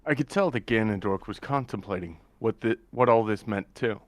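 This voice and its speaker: Low-voiced man narrating action, dry sound. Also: moderate pace, no room sound. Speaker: player narrating his character. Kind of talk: first-person story narration in a tabletop game.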